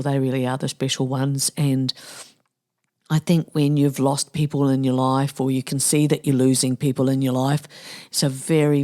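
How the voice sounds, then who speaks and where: A woman's voice: rumbling low, dark tone. A middle-aged woman with a New Zealand accent hosting a solo podcast in a playful, tongue-in-cheek, chatty way. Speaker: podcast host. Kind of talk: casual solo podcast monologue.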